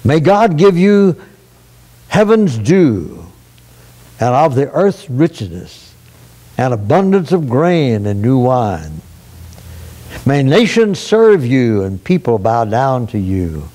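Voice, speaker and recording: A man voicing an aged blind father who questions and then solemnly blesses his son, a little higher than his own voice. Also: big pitch swings, slow, pauses often, warm tone.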